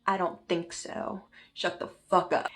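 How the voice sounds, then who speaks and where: A woman's voice: fairly low pitch, little pitch movement, measured pace, natural voice. A woman playing a big, stern male cop. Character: big tough male cop, gruff then gentle. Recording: roomy with faint music.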